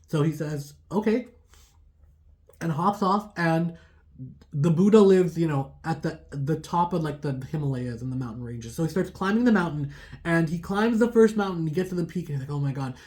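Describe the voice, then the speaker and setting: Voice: mid-range voice, fairly quick, darkish tone. A tarot reader telling a folk tale in a chatty, casual way, full of fillers. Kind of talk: casual storytelling.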